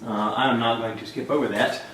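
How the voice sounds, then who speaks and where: A man's voice: mid-range voice, steady tone, brisk, reverberant, heavy background noise. A man hosting a casual cooking video from his home kitchen, rambling and joking at his own expense. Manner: rambling, jokey, self-deprecating.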